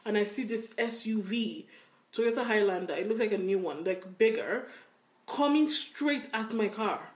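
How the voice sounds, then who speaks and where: Her voice is mid-range and her speed normal, with reverberation around it. A young woman co-hosting a podcast, she chats casually, tells stories with animation, and laughs often.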